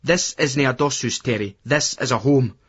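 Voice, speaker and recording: A man reading an audiobook, voicing a strict, fed-up middle-aged mother who scolds in a shrill, clipped Scottish voice. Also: normal speed, slightly rough, natural voice. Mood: scolding. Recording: dull lo-fi audiobook recording.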